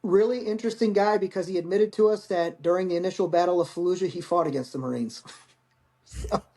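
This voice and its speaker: Talking fast in a high, mellow voice, a forty-something man who served in the Marines swaps stories as a podcast guest. He's candid and rambling, and casual swearing runs through his storytelling.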